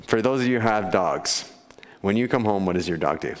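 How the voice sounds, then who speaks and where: A male pastor delivers his sermon in an easy, conversational way, chuckling and putting questions to the congregation. His voice sits on the low side. The sound carries the long reverb of a church sanctuary. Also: expressive, fairly quick. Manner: conversational, laughs often, asks the congregation questions.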